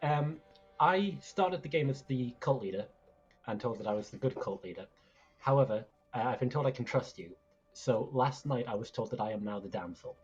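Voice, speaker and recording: A hesitant man talks as a player in an online game over voice chat, taking his time and explaining himself carefully. His voice comes through a little husky, and the mic sounds dull and lo-fi. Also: medium pitch, animated, moderate pace, darkish tone, faint music behind. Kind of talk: casual voice chat.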